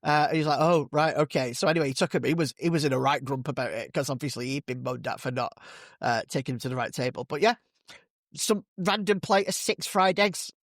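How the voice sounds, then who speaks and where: A man hosting a podcast in casual solo chat, slightly hoarse, chatty and rambling. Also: mid-range voice, a little fast, a bit bright, no echo, studio quality. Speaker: podcast host.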